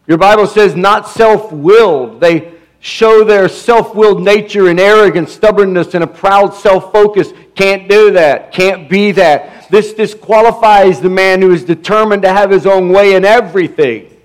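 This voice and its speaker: Emphatic male pastor preaching a sermon. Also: high voice. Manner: emphatic preaching, stammering restarts, calls for amens.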